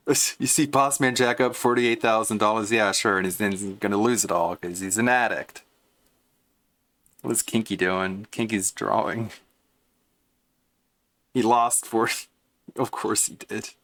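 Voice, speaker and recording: A man's voice: fairly low pitch, fairly bright tone, no echo. A man streaming and reacting to clips in casual commentary, mocking and swearing as he rants. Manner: mocking, profane ranting.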